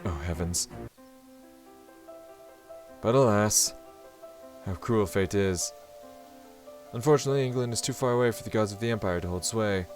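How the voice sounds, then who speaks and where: Guy reading as a fussy formal young samurai dude, kinda low voice, formal and flustered. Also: moderate pace, long pauses, soft background music, lightly acted. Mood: fretful. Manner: reads stiff, formal inner monologue aloud. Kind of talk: reading a visual novel aloud while playing.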